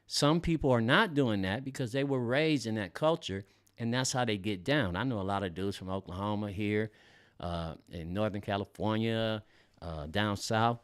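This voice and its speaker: A man with a deep, low voice hosts a relaxed podcast. He is middle-aged and from Los Angeles, and he talks in an easygoing, slangy way, full of fillers and casual swearing, as if chatting with friends. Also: normal speed, no echo, studio quality. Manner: laid-back and loose, heavy on fillers and slang, swears freely. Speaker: podcast host.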